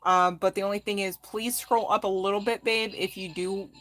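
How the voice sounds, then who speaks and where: A woman's voice: mid-range voice, fairly even intonation, normal speed, a bit bright, slight background noise. A woman tarot reader chatting casually on a live stream, affectionate with viewers and laughing often as she talks. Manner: laughs often mid-sentence.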